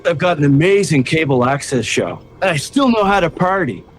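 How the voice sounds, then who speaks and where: A man's voice: a little high, animated, fairly quick, soft background music, pitched above the performer's own voice. A man putting on a goofy young cable-access TV host who loves to party. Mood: boastful.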